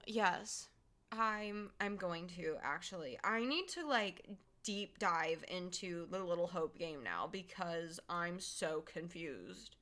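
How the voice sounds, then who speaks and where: Fresh off finishing a game and feeling emotional, this young streamer rambles to her viewers in a casual live chat, giggling and using plenty of fillers. Her voice is mid-range, bright, and forceful in tone.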